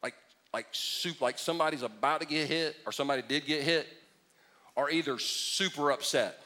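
A middle-aged man preaching a sermon in an animated, joking way, acting out mocking impressions. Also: a little high, normal speed. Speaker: pastor.

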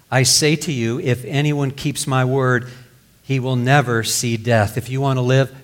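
A man preaching a sermon, reading scripture aloud and explaining it in plain words. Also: mid-range voice. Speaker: pastor.

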